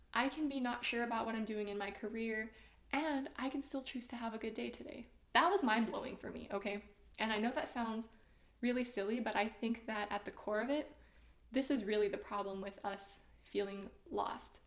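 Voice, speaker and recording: A woman talks straight to the camera with earnest encouragement, her voice sitting at a middling pitch. She speaks casually and often checks in with the listener. The room around her rings with noticeable echo. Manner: earnest, encouraging, often adds "right?" and "you know". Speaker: self-help vlogger. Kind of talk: casual advice talk to camera. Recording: echoey room.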